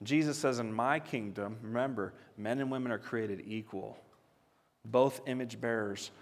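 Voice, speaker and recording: A man's voice: mid-range voice, long reverb tail. A man, a father, preaching a sermon in an earnest, conversational way that builds to emphatic peaks. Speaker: pastor.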